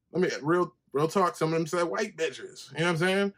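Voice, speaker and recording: A man hosting a podcast, telling a personal story in a casual, profane monologue and acting out quoted conversations in a higher voice. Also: brisk, few pauses, a bit bright. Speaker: podcast host.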